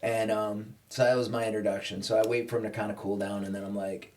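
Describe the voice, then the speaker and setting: A man's voice: fairly low pitch, fast, background noise. A man telling a story in casual podcast chat, acting out the people he quotes. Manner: animated storyteller who acts out quoted people. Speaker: podcast guest.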